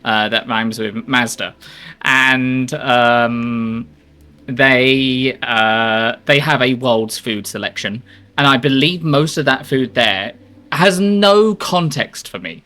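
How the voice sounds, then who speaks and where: A man's voice: medium pitch, slow, pushed and bright. Chatty posh-sounding English man. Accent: posh southern English, trained by theatre. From England. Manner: chatty and rambling, laughs at his own jokes. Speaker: streamer. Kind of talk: casual chat.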